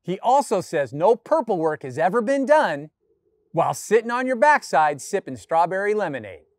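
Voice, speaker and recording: Firefighter guy doing a storybook read-aloud for kids, super animated up and down voice, dry close sound. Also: high-pitched, normal speed, dry recording. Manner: animated, playful, talks straight to children.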